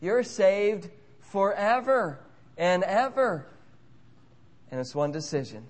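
Earnest preacher man, fairly high voice. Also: lively intonation, slow. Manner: earnest, repeats key phrases. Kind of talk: sermon.

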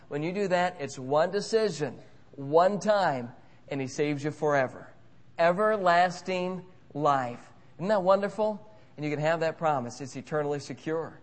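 Male preacher, earnest sermon delivery, slows for emphasis, somewhat high voice. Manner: earnest, repeats key phrases.

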